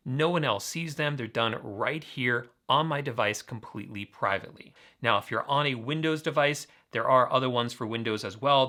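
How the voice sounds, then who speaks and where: Tech host, male, eager and crisp-toned, casual screen-demo tutorial addressed to viewers. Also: mid-range voice, bright, forceful tone. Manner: enthusiastic, talks straight to viewers.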